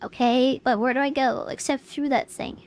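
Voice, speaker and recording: A woman's voice: high voice, fairly even intonation, moderate pace, darkish tone. A woman streamer giving chatty, casual commentary while playing a game and talking to her chat. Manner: chatty, filler-heavy, talks to chat.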